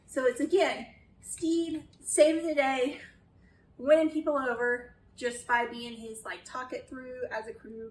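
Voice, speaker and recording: A woman's voice: high-pitched, steady tone, a little slow, echoey room, recorded from a distance, a little hiss or hum, poor audio. A woman chatting casually through a critique of a show, exasperated at times and swearing freely. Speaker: video essayist.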